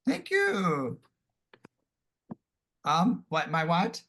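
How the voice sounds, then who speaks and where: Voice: medium pitch, wildly swooping pitch, extremely slow, a bit bright, full character voice. A player voicing a timid, odd little creature that stammers and hesitates in a tabletop role-play. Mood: bewildered. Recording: faint music behind.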